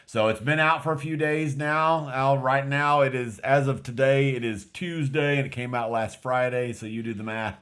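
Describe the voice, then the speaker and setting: A man's voice: medium pitch, moderate pace, hardly any pauses, fairly bright tone. Rambling West Texas man reviewing a film. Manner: rambling, with many restarts and fillers. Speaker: podcast co-host. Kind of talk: casual film review chat.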